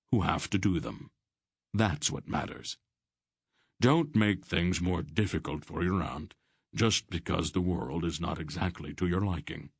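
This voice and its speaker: Man voicing a calm, wise old sorcerer. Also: deep voice, creaky, husky, no echo, clean studio sound, heavily acted. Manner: calm, measured, gently firm. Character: wise, dry-humored old male sorcerer. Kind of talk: audiobook character voice.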